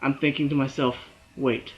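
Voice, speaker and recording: A man reviewing a TV episode in a casual solo talk, animated and acting out the characters' lines and his own reactions. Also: fairly high pitch, normal speed, lo-fi sound. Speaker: TV show reviewer.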